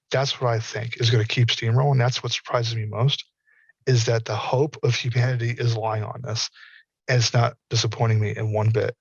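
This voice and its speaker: A man's voice: medium pitch, level tone, normal speed, breathy edge, dry recording, lo-fi sound. A man from the American South, a panel guest talking in an earnest, folksy way and acting out imagined dialogue. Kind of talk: casual panel talk.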